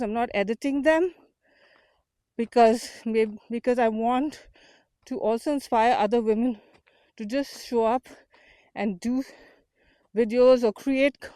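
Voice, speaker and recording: Heading uphill outdoors and slightly out of breath, a community founder from India hosts an unedited walk-and-talk vlog in an earnest, motivational way. Her voice is fairly high and mellow, and the recording from her small portable mic is dry.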